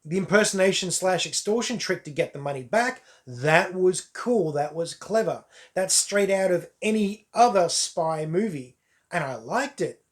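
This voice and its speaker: A man's voice: high voice, animated, normal speed. A man giving a casual, wry and candid spoken review of a movie on camera. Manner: wry, candid, offhand asides. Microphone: camera mic.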